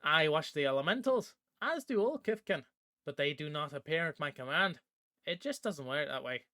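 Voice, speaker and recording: A man voicing a fierce, tough female Kithkin archer in an audiobook, sharp and commanding. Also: fairly high pitch, expressive, normal speed, dry recording, clean studio sound. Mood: wry.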